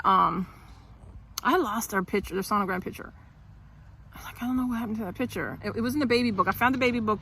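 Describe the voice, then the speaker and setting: A middle-aged woman tells her own birth story in a loose, casual vlog. Her voice is gravelly with a bright, forceful edge, and she rambles, restarts and sighs as she goes. Faint background noise sits under the recording. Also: medium pitch, low-quality recording.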